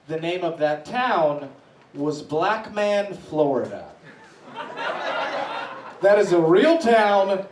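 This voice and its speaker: Animated stand-up comedian, echoey room. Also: male voice, far from the mic. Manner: animated, voices swing high when acting out reactions. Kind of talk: stand-up storytelling.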